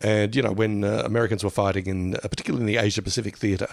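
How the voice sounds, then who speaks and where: Chatty co-host with gravel. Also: male voice, on the low side, fairly even intonation, racing, dry recording, studio quality. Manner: chatty, giggly. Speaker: podcast co-host. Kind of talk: casual chat.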